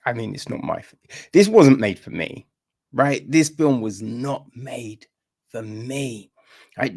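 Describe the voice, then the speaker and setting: A man's voice: medium pitch, gravelly, darkish tone. A man hosting a film review podcast, talking casually in an exasperated, rambling way with lots of fillers and restarts.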